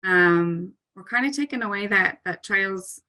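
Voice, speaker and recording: A woman's voice: mid-range voice, lively intonation, unhurried, bright, forceful tone. A woman talking as a parkour coach in a casual interview, earnest and chatty, with frequent "um" and "like" fillers and light laughs.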